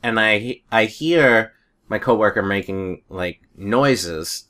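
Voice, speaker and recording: A man's voice: fairly low pitch, slow pace, bright, forceful tone. A man in a casual chat, telling rambling stories and chuckling often.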